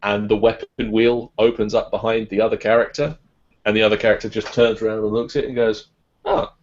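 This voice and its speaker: Brief: male podcast co-host, lowish voice, relaxed joking chat, muffled audio. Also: fast talker. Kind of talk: casual chat.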